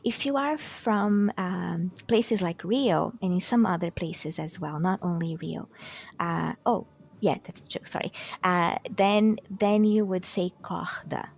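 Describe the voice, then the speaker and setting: A Brazilian woman with a São Paulo coast accent talks through pronunciation in a relaxed podcast lesson. Her voice sits low with a gravelly edge. She hesitates often and acts out each sound. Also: measured pace. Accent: Brazilian Portuguese (São Paulo coast). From Brazil, Santos in São Paulo state. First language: Portuguese. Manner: patient, hesitant with many fillers, demonstrates sounds. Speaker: co-host teaching Portuguese. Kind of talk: casual explanatory podcast lesson.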